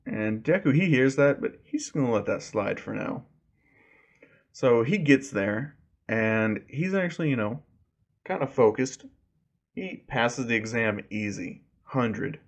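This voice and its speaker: A man's voice: mid-range voice, animated, measured pace. A man casually retelling a fan story, rambling with lots of fillers.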